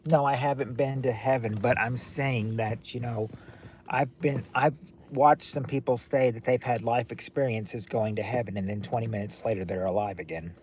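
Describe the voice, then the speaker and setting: A man's voice: mid-range voice, fairly even intonation, moderate pace, darkish tone, a little hiss or hum. Man, livestream host, casual chat with viewers, rambling, chatty, indoors at home. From United States. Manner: rambling, chatty, restarts often. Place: at home indoors with lights on at night.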